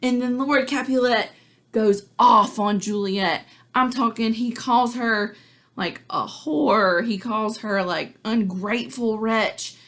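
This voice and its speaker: A woman's voice: on the high side, takes it slowly, a bit bright. Chatty woman teacher recapping a play. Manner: chatty, filler-heavy, informal. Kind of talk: casual lesson recap.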